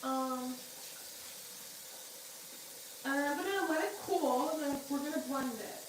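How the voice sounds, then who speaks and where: Young woman, high voice, chatty, lots of fillers, home kitchen, noisy recording with clicks. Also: normal speed. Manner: chatty, many fillers, talks to viewers directly. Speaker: cooking vlogger. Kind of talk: casual chat while cooking.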